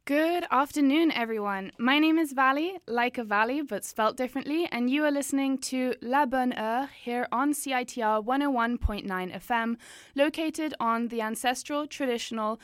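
A woman hosts a casual radio show, drifting between English and French and leaning on filler sounds as she chats. Her voice sits a bit high and comes through smooth and resonant. The studio sound is dry and close. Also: a bit bright, no echo. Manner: switches between English and French mid-sentence; chatty, with frequent filler sounds. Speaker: radio host.

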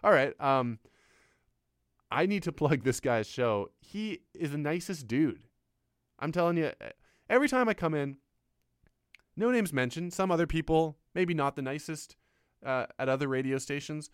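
Guy rambling on a radio show, pitch jumping all over, pokes fun at himself, dry close studio sound. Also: moderate pace, long pauses, clear, resonant tone, no echo. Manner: rambling, self-mocking, animated. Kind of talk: casual riffing monologue.

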